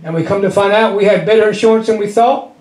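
A middle-aged pastor preaches in a church sanctuary whose walls throw his voice back with a strong echo. His voice sits unusually high for a man. He tells a folksy story with frequent chuckles and keeps the congregation answering back. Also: quick pace, a little mellow. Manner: call-and-response with the congregation. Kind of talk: sermon.

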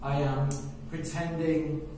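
A male teacher tells a story to learners at a crawling pace, breaking it into short, simple pieces and checking in after each one. His voice sits a little high for a man. The room rings with heavy echo and the mic is set well away from him, with a faint hum behind. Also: flat delivery, dark tone. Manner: very slow and simple, checking with "okay?" after phrases. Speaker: English teacher telling a story. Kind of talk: slow storytelling for language learners. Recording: very echoey room, mic far off, faint background noise.

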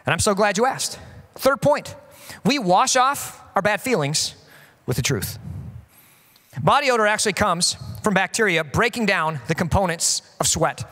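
A man in his thirties, a pastor preaching a sermon and telling stories in an animated, joking way with acted-out quotes. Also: high-pitched, normal speed, in a large hall. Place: church.

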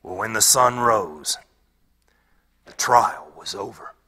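A pastor playing a former rebel turned peaceful wood carver in a dramatic monologue, his gravelly voice often sinking to a whisper. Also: lowish voice, expressive, slow, exaggerated voice. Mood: hushed. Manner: storytelling that swings from hushed whispers to loud outbursts.

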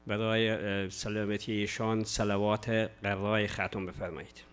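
Fast, crisp host. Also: male voice, fairly low pitch, level tone. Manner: polite, formal address to viewers. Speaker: program host. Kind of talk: formal announcements.

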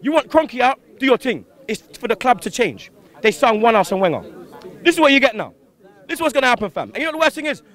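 A young man vents after a defeat, his voice pitched very high. He talks in heated bursts, swears freely and keeps throwing questions back at the interviewer. He is recorded outdoors on a city street. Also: big pitch swings, fast talker, fairly bright tone. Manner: heated, swearing, slang-heavy, rhetorical questions. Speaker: fan interviewee. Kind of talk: angry post-match fan rant.

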